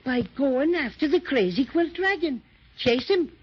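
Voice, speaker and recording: A little irish teddy bear, chatty and full of bluster, highish voice, muffled old 1930s radio sound. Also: male voice, expressive, unhurried. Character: small, friendly, boastful male teddy bear. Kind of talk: 1930s radio drama acting. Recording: dull 1930s radio transcription.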